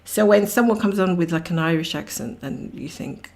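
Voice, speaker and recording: A woman's voice: fairly low pitch, moderate pace, creaky, darkish tone. A woman hosting a cross-stitch livestream, chatting casually and rambling while she greets viewers by name and laughs often.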